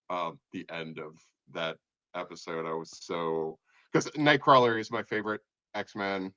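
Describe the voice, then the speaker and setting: A man's voice: on the low side, expressive, normal speed, sharp tone, dry recording, highs cut off. A man co-hosting a casual pop-culture podcast, rambling eagerly with restarts and laughs. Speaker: podcast co-host. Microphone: remote podcast mic.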